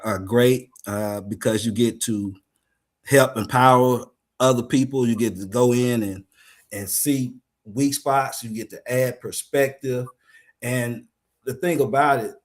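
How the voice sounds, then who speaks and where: A man speaking as a guest on an educators' panel, talking in a measured, reflective way with frequent pauses and fillers. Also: lowish voice. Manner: measured, grateful, many "uh" pauses.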